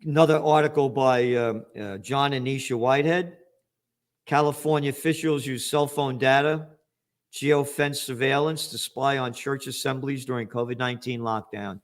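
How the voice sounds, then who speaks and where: A man's voice: medium pitch, steady tone, moderate pace. A man in his seventies with a New York accent, giving a blunt, profane, combative commentary monologue as host. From United States. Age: 70s.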